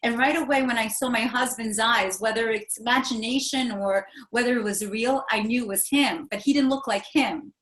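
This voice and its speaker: A woman in her forties with a fairly high voice tells a personal story as an interview guest. She talks earnestly and rambles, with fillers and restarts, in an echoey room. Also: moderate pace, hardly any pauses, fairly bright tone.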